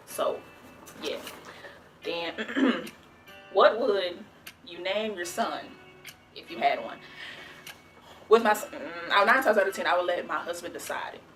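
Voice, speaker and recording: A woman's voice: fairly low pitch, animated, slow, pauses often, fairly bright tone, soft background music. A young woman from the American South answering viewer questions in a chatty, rambling vlog, full of restarts and "like". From Southern United States. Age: young adult. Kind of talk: casual Q&A vlog.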